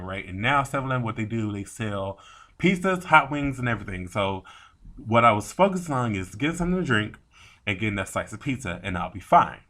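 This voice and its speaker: Animated man ranting in a bright voice. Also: mid-range voice. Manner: rambling, animated, swears a lot, acts out both sides of quoted talk. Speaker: vlogger. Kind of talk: casual storytime rant.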